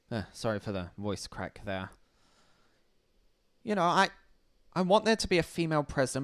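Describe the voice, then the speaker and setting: In clean studio sound with no echo, a man with a slightly high, fairly bright voice and big pitch swings hosts a casual livestream. He's blunt and sardonic, swears freely, and speaks haltingly, often restarting his sentences.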